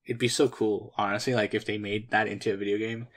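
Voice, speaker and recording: A man's voice: lowish voice, little pitch movement, quick pace. A young man co-hosting a podcast in casual chat, dry and teasing, rambling with fillers. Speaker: podcast co-host.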